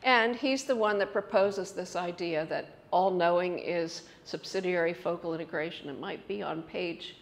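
A middle-aged woman giving a conference talk, telling lively personal stories and breaking into laughter as she explains an idea. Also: lowish voice, moderate pace, few pauses. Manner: animated storytelling with laughs and loud acted quotes. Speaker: conference speaker. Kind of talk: storytelling lecture.

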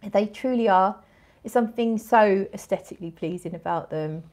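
A bubbly woman in her forties chats her way through a perfume livestream, answering comments as they roll in. She talks loosely, stops and restarts her sentences, and her voice sits at an average pitch for a woman. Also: normal speed, darkish tone. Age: 40s. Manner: chatty, bubbly, with frequent restarts and laughs. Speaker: fragrance livestream host. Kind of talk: casual live-stream chat reading comments.

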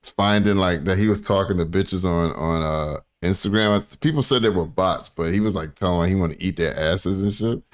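A man's voice: low voice, moderate pace, hardly any pauses. A man hosting a casual reaction stream who rambles, laughs and curses while hunting through clips. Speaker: streamer host.

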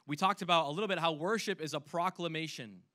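A youth pastor delivering a sermon in a bright, forceful voice that sits a little high for a man. He talks earnestly, sinking to a hush on key points and then lifting back to full, loud emphasis. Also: quick pace. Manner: earnest, swings between hushed and loud emphasis; acts out imagined voices when quoting.

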